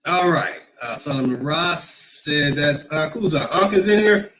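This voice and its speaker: A man's voice: fairly high pitch, animated, unhurried, fairly bright tone, low-quality recording. Rambling, emphatic male livestream host. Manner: rambling, emphatic, repeats himself. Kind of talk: casual livestream talk, reading chat.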